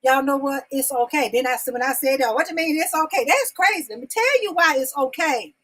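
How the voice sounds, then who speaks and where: A woman with a high voice hosts her own live-stream talk show. She talks to her viewers in a folksy, down-home way, calling them y'all. She keeps pressing the chat to answer her questions. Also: lively intonation, fairly quick, fairly bright tone, poor audio.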